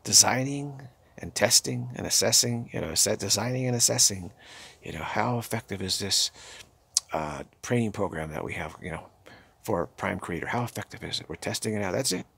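Gravelly older man, soft spiritual talk. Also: fairly low pitch, animated. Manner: halting, repetitive, drops into soft murmured chanting. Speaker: spiritual teacher. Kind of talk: meditative spiritual talk with chanted repetitions.

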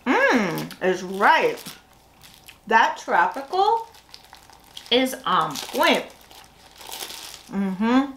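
A woman's voice: fairly high pitch, big pitch swings, drawn-out words, long pauses, fairly bright tone, slight background noise, poor audio. A woman hosting a casual snack review, chatty and full of fillers as she thinks aloud. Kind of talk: casual food review chat.

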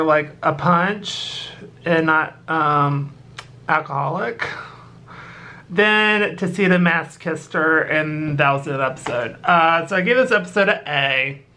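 Casual anime episode review, bright voice, halting with fillers, homemade setup. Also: medium pitch. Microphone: battery-powered recording device.

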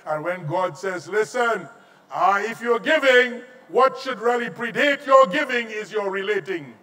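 Trinidadian preacher, high voice, swinging to shouts. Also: male voice, animated, measured pace, far from the mic. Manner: preaching with sudden shouted peaks and quiet asides. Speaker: visiting pastor. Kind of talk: sermon. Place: large auditorium.

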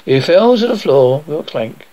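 A man's voice: a little high, sing-song, moderate pace, dark tone, dull audio. A man reading a children's adventure story aloud, voicing the sound effects theatrically. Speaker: storyteller reading his book.

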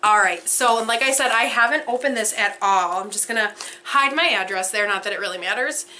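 A young woman vlogging an unboxing, gushing with breathless excitement and frequent gasps. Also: medium pitch, fairly quick.

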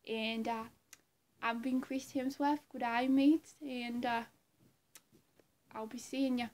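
A woman's voice: fairly high pitch, steady tone, slow, a little mellow. Woman doing a cheery Australian film star. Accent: Australian (put on). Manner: cheery, rambling, over-the-top slang. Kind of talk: comedic impression.

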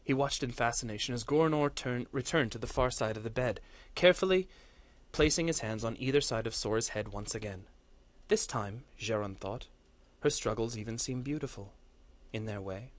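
A course instructor reads a fantasy story aloud in a mid-range voice at a moderate pace. His storytelling is earnest and steady, with the occasional slip.

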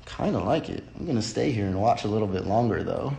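A man's voice: lowish voice, lively intonation, brisk, gravelly, hardly any pauses, slight background noise. Blunt, profane man ranting on a stream. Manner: blunt, profane, rambling with restarts. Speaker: livestream host. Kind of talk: casual unscripted livestream rant. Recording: roomy echo.

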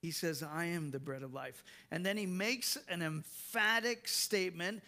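A man preaching a sermon as pastor, slow and emphatic, with soft laughs and repeated words. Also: high-pitched.

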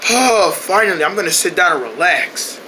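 A man's voice: high-pitched, animated, normal speed, bright, forceful tone, a little hiss or hum. A man doing homemade cartoon voice acting, switching between exaggerated character voices and yelping. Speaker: cartoon voice actor.

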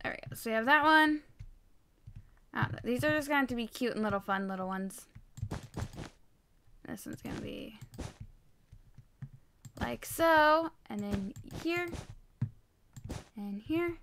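A woman giving casual gameplay commentary while she builds, excitable and rambling, poking fun at herself. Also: a little high, measured pace, long pauses, a little hiss or hum. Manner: excitable, rambling, self-mocking. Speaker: Minecraft video creator.

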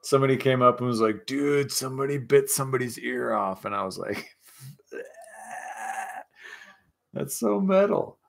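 A man's voice: mid-range voice, brisk, vocal fry, a bit bright. A man hosting a casual live chat with viewers, rowdy, joking and profane, a little tipsy. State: tipsy from scotch. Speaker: livestream host.

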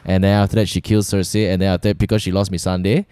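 A man's voice: low voice, very fast, clean tone, no room sound, studio quality. A young man with a Malaysian accent hosting a casual podcast chat, retelling events with many restarts. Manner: animated, rambling storyteller with many restarts. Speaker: podcast host.

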